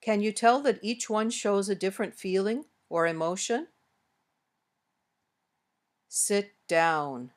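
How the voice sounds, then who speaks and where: American woman, english teacher, scripted lesson narration, slow careful delivery. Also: mid-range voice. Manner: slow, careful, clearly modeled example sentences.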